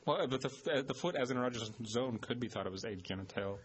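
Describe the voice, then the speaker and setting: A male co-host of a call-in radio show, chatting loosely in a middle-pitched voice. He rambles, restarts, and laughs easily. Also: lively intonation, fast, husky. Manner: rambling, wordy, laughs often. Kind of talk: casual talk radio banter.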